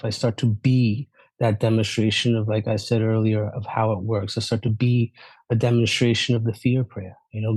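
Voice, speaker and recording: A man giving an energetic testimony at a recovery meeting, asking rhetorical questions and laughing often. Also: medium pitch, no room sound.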